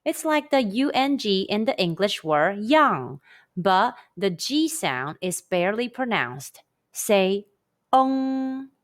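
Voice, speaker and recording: A woman teaching a scripted pronunciation lesson, saying sounds slowly and carefully for the listener to repeat. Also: medium pitch. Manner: slow, careful, model pronunciations. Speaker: Chinese language teacher.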